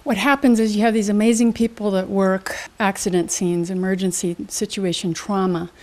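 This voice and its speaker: A woman's voice: mid-range voice, moderate pace. A middle-aged woman, a motivational speaker and trainer, explaining her methods as an interview guest with lots of examples and questions. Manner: energetic, teaching with examples and questions.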